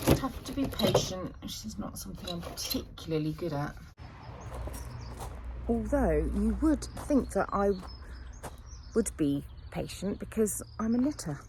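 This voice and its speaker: A woman chatting softly through a gardening vlog, often dropping into a half-whisper. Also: fairly low pitch, background noise. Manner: soft-spoken, often half-whispered asides. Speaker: vlogger. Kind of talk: casual gardening vlog narration. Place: garden outdoors.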